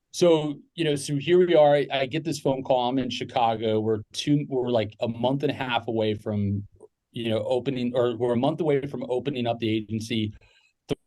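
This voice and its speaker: A man's voice: mid-range voice, moderate pace, darkish tone. A middle-aged man telling a personal business story casually, rambling with fillers and restarts. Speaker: podcast guest, business owner.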